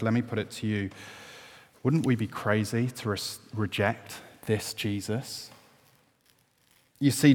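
Earnest preacher in a reverberant hall. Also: male voice, lowish voice. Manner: earnest, rising to emphatic. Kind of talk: sermon.

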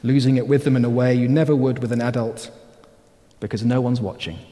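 A man preaching a sermon as pastor, earnest and exhorting, often dropping to quiet, emphatic phrases. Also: mid-range voice, fairly even intonation, brisk. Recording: long hall reverb.

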